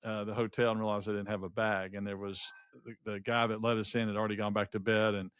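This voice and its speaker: A man's voice: fairly low pitch, quick pace, clean tone, no echo. A middle-aged man co-hosting a podcast, telling a personal travel anecdote in casual chat, with many restarts along the way. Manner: rambling anecdotes with frequent restarts and lively quoted voices. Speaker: podcast co-host.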